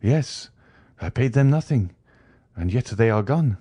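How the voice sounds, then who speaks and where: A man voicing a grieving young man who speaks earnestly and fervently, a bit above his usual narrating pitch. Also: animated, unhurried, warm tone, slightly rough, no room sound, studio quality. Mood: surprised.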